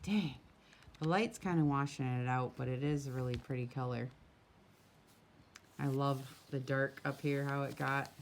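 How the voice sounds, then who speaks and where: Woman with a low voice gushing over her journal pages, chatty, outside with a bit of breeze and faint background noise. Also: normal speed. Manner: chatty, gushing, full of small asides. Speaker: craft shop owner showing a handmade journal. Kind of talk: casual craft flip-through. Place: outdoors with a breeze. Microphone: camera mic.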